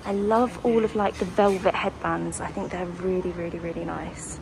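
A woman's voice: on the low side, steady tone, moderate pace, gravelly, few pauses, background noise. A young woman with a muffled voice from her face mask, gushing her way through a large clothing shop as a shopping vlogger. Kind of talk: chatty shopping vlog.

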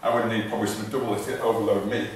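A man with a fairly low, level voice talks very fast, with a little hiss or hum in the audio. He's a fitness trainer giving an informal live talk to an audience in a large, echoey hall, repeating himself, restarting sentences and running out of breath as he exercises. The recording is echoey and captured from far off.

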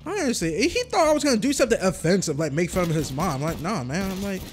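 A man's voice: high-pitched, very animated, fast talker, music in the background. A young man casually commenting on his gameplay as a streamer, joking and talking to the game. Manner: chatty, jokey, talks to the game.

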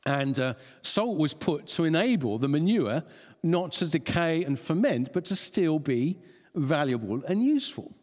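A man's voice: fairly high pitch, big pitch swings, measured pace, darkish tone. A man preaching a sermon, chuckling often and restarting phrases as he thinks aloud. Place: church hall. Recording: long church reverb.

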